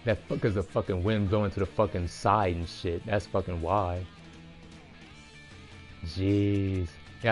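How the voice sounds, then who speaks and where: A man's voice: deep voice, a little mellow. A man in his forties streaming a golf game, rambling and swearing heavily with frustrated outbursts. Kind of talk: casual chat while playing.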